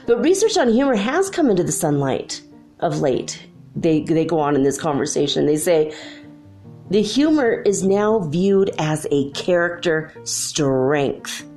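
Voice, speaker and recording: A middle-aged woman with a lowish voice chats casually, giggling and animated as she tells her stories. Faint music plays underneath. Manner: giggly, animated storytelling, frequent "like". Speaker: spiritual channel host. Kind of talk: casual monologue.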